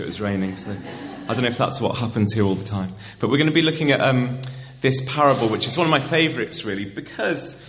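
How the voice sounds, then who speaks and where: A man preaching a conversational sermon in a church, getting the congregation to repeat words back to him. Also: fairly low pitch. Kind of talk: interactive sermon. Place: church hall. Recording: dull, muffled church recording.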